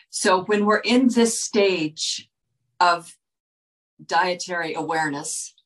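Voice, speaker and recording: A wellness speaker addresses her viewers directly in a fairly low, fairly bright voice, though the audio is poor. Her manner is earnest and lecturing, and she keeps checking in with "okay?"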